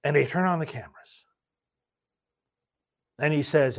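Male priest host in a TV studio, emphatic and high-pitched. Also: animated, measured pace, pauses often. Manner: emphatic, repetitive restarts. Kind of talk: studio commentary and prayer.

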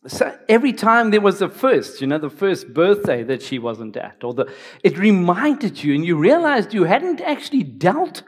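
A middle-aged male pastor preaching a personal, emotional sermon, often restarting his sentences. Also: high-pitched.

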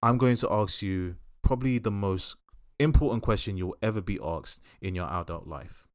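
A man hosting a casual chat podcast, talking in a passionate and opinionated way with quick asides. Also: lowish voice, no room sound, studio quality. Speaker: podcast host.

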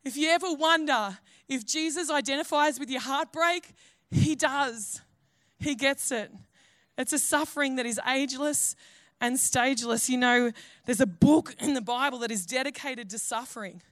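A woman's voice: high voice, a bit bright, no echo, studio quality. A woman pastor, preaching a sermon in an earnest, conversational way.

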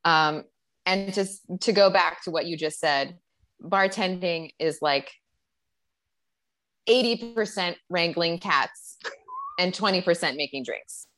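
A woman's voice: on the low side, takes it slowly, pauses often, fairly bright tone. A woman who works behind a bar, chatting casually and speaking firmly about the job. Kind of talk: casual chat.

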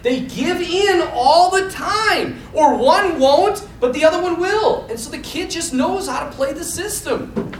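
Animated priest in an echoey room. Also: male voice, very high voice, unhurried. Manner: animated storytelling, laughing often. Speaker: Catholic priest. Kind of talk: informal talk to a men's group. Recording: echoey room, mic far off, faint noise.

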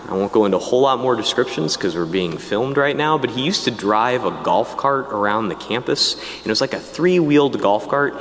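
Animated man in a reverberant hall. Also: mid-range voice. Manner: animated storytelling with casual asides. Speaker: priest telling his vocation story. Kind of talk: personal testimony talk.

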